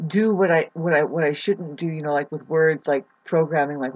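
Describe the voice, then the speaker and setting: A husky, slightly breathy woman in her forties muses aloud about astrology in a loose, wandering way. She stops and restarts often and leans on plenty of "um"s. The lo-fi recording sounds dull and muffled. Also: sits low, a little mellow. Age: 40s. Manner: halting, with many fillers and restarts. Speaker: astrology vlogger. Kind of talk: casual rambling astrology talk.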